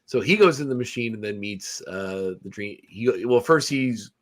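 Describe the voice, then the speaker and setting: Podcast host, man, low voice, easygoing rambling plot recap, lots of ums. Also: animated, normal speed. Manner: rambling recap with many fillers and restarts. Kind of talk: casual movie review chat.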